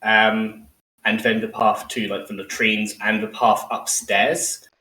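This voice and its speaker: Man, game master, tabletop game narration, hesitant with fillers, lowish voice, roomy distant sound. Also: flat delivery, slow pace, sharp tone.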